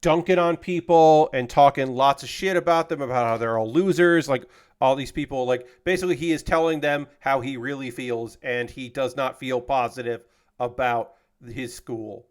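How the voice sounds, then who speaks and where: A man's voice: medium pitch, normal speed, clean tone. A man casually recapping an anime episode on a livestream, loose and profane, with lots of fillers and restarts. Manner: gets heated and indignant when he talks about unfair characters.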